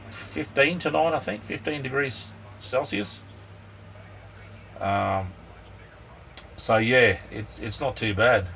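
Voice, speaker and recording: A middle-aged Australian livestream host speaks in a mid-range, fairly bright voice while chatting casually with viewers from his small camper van. He rambles along in a relaxed way, full of ums and "mate." A faint fan hum comes through the distant mic.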